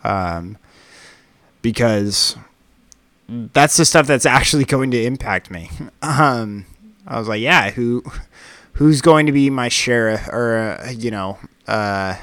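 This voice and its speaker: A man's voice: medium pitch, slow pace, a bit bright, dry recording. A man co-hosting a casual podcast, ranting in a heated way and swearing freely. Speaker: podcast co-host.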